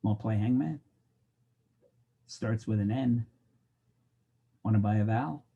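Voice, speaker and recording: Middle-aged guy teaching sociology, dark husky voice, cracks jokes. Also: lowish voice, a little slow, lo-fi sound. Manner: joking, wry, talks to the class directly. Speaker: college instructor. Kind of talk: recorded lecture.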